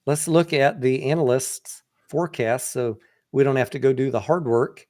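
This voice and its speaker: A man who trades stocks hosts a casual livestream, going through a company's financials in a blunt, profane, conversational manner. His mid-range voice is warm, and he speaks at a moderate pace.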